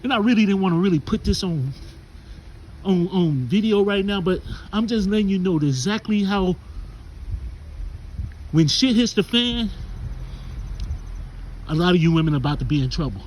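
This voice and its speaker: A man preaches as he walks outside, warning listeners and tying what he saw to scripture in a loose, talky way. His voice sits a little high for a man. Faint street sounds run under the phone recording. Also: quick pace, a little mellow, slight background noise, rough recording. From Chicago. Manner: preachy, recounts and warns with scripture. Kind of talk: walk-and-talk sermon video. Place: outdoors, walking to the store.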